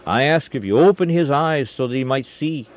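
A man voicing a calm, commanding male prophet, declaiming his lines earnestly with a raised voice. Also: mid-range voice, normal speed, natural voice. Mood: urgent. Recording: dull lo-fi recording, faint hiss.

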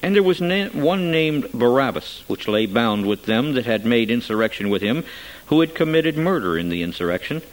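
A man reading scripture aloud in a measured, solemn way. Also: mid-range voice, sing-song, rough recording. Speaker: scripture reader.

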